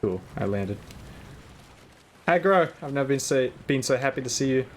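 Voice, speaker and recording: A man live-streaming a game, chatting casually with viewers and thinking aloud in an excitable, rambling way, sometimes shouting at his in-game horse. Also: medium pitch, normal speed, slight background noise.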